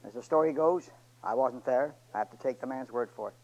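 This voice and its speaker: A man preaching a sermon and retelling a story, pleading with his church and swinging between loud and hushed delivery. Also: mid-range voice, fairly quick, dull audio.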